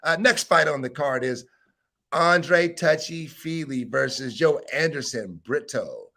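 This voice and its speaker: A young adult man co-hosting a casual fight-talk podcast, bantering quickly with some swearing. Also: fairly high pitch, animated, vocal fry, sharp tone. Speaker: podcast co-host. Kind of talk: casual sports chat.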